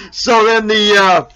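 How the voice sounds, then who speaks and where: Bright, rambling man hosting an RV vlog. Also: high voice, clean tone, dull audio. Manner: rambling, with many fillers and restarts. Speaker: RV vlog host. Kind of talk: casual joke-telling monologue.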